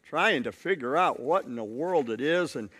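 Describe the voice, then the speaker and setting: High-voiced male pastor preaching. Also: expressive, normal speed, fairly bright tone, slightly rough. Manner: storytelling, repetitive emphasis. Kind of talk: sermon.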